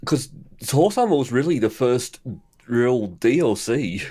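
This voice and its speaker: A laid-back man co-hosting a gaming podcast. He chats casually in an ordinary mid-pitched voice and mostly chimes in with brief yeps and yeahs. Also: animated, a little slow, mellow, husky. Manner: laid-back, short agreeing replies. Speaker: podcast co-host. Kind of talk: casual chat.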